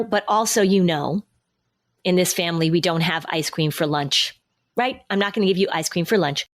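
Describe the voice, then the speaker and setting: A woman hosting a podcast, giving parenting advice in a conversational, explanatory way and acting out what a parent might say. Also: lowish voice. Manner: explanatory, acts out parent and child lines.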